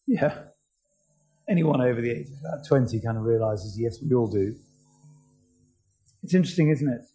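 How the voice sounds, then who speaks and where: Earnest preacher with a mellow voice. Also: male voice, mid-range voice, normal speed, soft background music, poor audio. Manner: earnest, asks the congregation many questions. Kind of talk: sermon.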